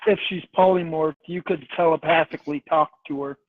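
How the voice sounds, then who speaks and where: Higher-ish guy playing d&d, dry skeptical remarks, dull lo-fi sound. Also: steady tone, fairly quick, crowd noise. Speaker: player. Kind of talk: casual tabletop game talk. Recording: dull lo-fi mic.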